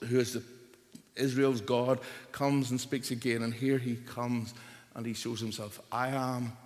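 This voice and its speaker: A man preaching a sermon, emphatic, rising loud on key points and dropping low to finish them. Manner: emphatic, rises and drops for stress. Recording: long hall reverb.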